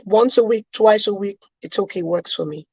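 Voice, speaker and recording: Husky woman on a video call. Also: mid-range voice, moderate pace, a little mellow, no echo. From Cameroon. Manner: earnest, reminiscing, laughs easily. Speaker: guest. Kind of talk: casual chat on a video call. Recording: dull, lo-fi video call audio.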